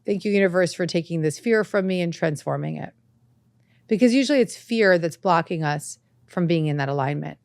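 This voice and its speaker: A woman hosting a self-help podcast, talking earnestly and reflectively, breaking into animated anecdotes. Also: on the low side, a little fast, gravelly, dry recording. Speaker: podcast host. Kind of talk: motivational self-help talk. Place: studio set with lights.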